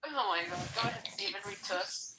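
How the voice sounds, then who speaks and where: A woman's voice: medium pitch, fast, noisy background. A chatty woman in a casual conversation who giggles often and fills her talk with "like.". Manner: chatty, giggly, with many "like" fillers. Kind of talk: casual chat.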